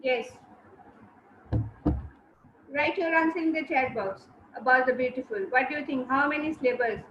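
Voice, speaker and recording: A woman teacher, giving an online class, repeating words and syllables slowly and giving brisk commands to students. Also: high-pitched, background noise. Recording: roomy, slightly dull sound.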